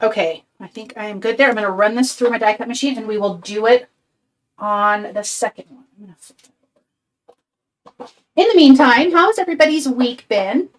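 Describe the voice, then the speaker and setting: Her voice sits on the high side, moving at a normal speed with long pauses. This older craft channel host chats sweetly and cheerfully through a relaxed live stream, reading viewer comments aloud while sounding weary and somewhat breathless.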